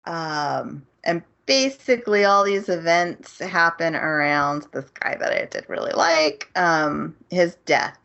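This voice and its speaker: A woman's voice: low-pitched, slow pace, hardly any pauses. Woman recapping a plot, lo-fi audio. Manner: animated plot recap with acted-out quotes. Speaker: podcast co-host. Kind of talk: casual chat. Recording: muffled lo-fi audio.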